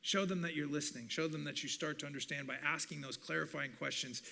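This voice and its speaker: A middle-aged man gives a church teaching talk in a bright, forward voice that sits a little high for a man. He is animated, switching into quick acted-out lines of dialogue as he makes his points. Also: vocal fry. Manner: animated, acts out quoted dialogue. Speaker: communications professor.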